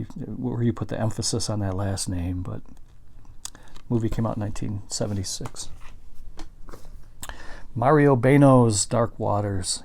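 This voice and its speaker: A man's voice: lowish voice, creaky, darkish tone. A man casually showing off his signed movie collection, rambling and correcting himself as he goes. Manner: rambling, self-correcting, chatty. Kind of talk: casual show-and-tell.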